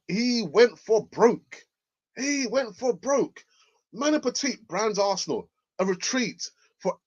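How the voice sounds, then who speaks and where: Football host, animated and exclamatory, fairly high, swoopy voice, dull lo-fi sound. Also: male voice. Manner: animated, laughs often, exclaims. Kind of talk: casual football news commentary. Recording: dull lo-fi audio.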